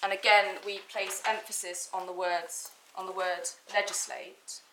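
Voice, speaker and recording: A woman barrister addresses the bench in a courtroom, building her case point by point. Her voice is bright and crisp, and she leans on key words to stress them. Faint hiss sits under the desk microphone. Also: medium pitch, little pitch movement, unhurried, rough recording. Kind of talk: formal legal argument in court.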